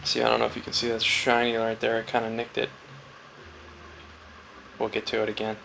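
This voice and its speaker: A man's voice: mid-range voice, monotone, a little fast, creaky, sharp tone, slight background noise. A man talking casually and reflectively while carving wood, rambling through a story and acting out little conversations. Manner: rambling, storytelling, acts out quoted chats. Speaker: woodcarver vlogger.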